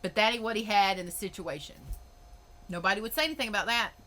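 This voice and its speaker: A woman's voice: medium pitch, fast talker, pushed and bright, faint music behind. A woman hosting a podcast, ranting in a blunt, emphatic way and swearing freely. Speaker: podcast host. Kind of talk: opinionated podcast monologue.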